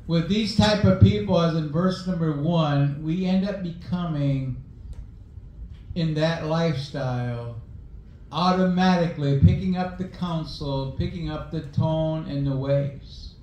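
A man's voice: on the high side, darkish tone, very echoey, slight background noise, poor audio. A male pastor preaching a sermon, mixing scripture reading with folksy personal stories.

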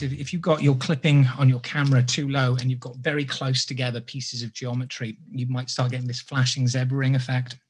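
Guy teaching live, kinda husky, chatty and joking at his own expense. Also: medium pitch. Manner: chatty, self-deprecating, jokey. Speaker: sculpting instructor. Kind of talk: live tutorial with rambling asides.

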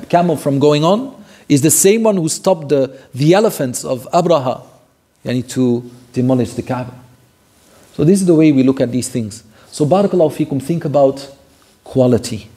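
Husky, warm-voiced man teaching Quran commentary. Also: mid-range voice, normal speed. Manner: retells stories earnestly, repeating key phrases and mixing in Arabic phrases. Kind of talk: storytelling Quran commentary lesson.

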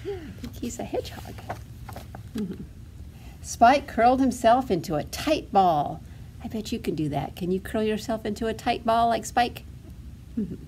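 A woman's voice: a little high, animated, moderate pace, darkish tone, a little hiss or hum. A woman librarian reading a storybook aloud to toddlers in a sing-song way, asking the children questions as she goes.

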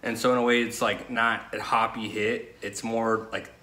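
A man's voice: fairly low pitch, flat delivery, normal speed, sharp tone. A man as guest in a casual chat, talking in a loose, rambling way. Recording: echoey room with faint noise.

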